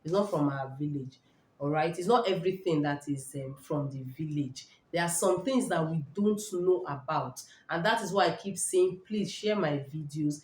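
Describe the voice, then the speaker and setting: In an echoey room, a middle-aged Nigerian woman hosts a casual live health talk for viewers. Her voice sits low with a darkish tone and a moderate pace, and she repeats points emphatically, checking in with "all right?"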